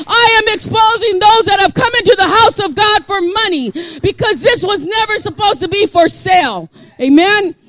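A male pastor preaching a sermon, reading scripture aloud and breaking into passionate, shouted exhortation. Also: very high-pitched, no room sound. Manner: impassioned, builds to shouting.

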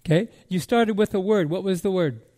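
Emphatic high-voiced male pastor. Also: brisk. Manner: emphatic, repeats key words, swings from loud declarations to quiet musing. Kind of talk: sermon.

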